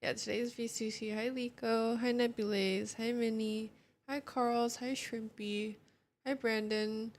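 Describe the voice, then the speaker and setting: A woman's voice: a little high, little pitch movement, measured pace, a little mellow. A young woman streaming from home, chatting casually with her viewers in a sleepy morning voice and greeting them one by one. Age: young adult. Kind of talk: casual chat.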